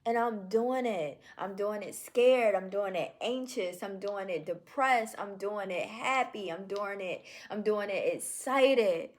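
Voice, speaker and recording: Woman journaling on camera, slow and heartfelt, says things twice. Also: mid-range voice. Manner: slow, heartfelt, affirming, with repeated phrases. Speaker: video journal creator. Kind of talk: reflective self-talk video journal.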